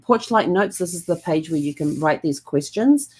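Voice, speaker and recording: Woman host, deep for her sex, soft-spoken and meandering, casual reflective vlog read. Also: moderate pace, husky. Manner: gentle and calm, rambling with many fillers.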